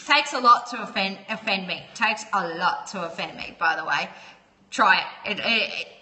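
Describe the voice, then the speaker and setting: A woman's voice: medium pitch, moderate pace, sharp tone, big-room sound. A woman hosting a casual livestream, chatting with viewers, greeting them by name and laughing often. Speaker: livestream host. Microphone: phone.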